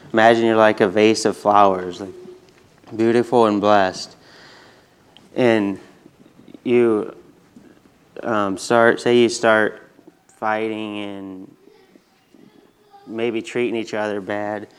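A man giving a children's sermon in a low, smooth voice. He speaks simply and gently, hesitating now and then, with little rise and fall in his pitch.

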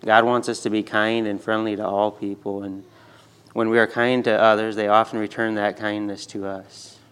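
A man giving a simple, gentle children's sermon, hesitating with ums, then reading a story aloud. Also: on the low side, little pitch movement, normal speed, clear, resonant tone.

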